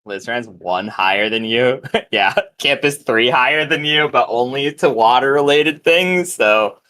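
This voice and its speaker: A man running a tabletop game as game master, unhurried and laughing often. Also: mid-range voice, bright, forceful tone.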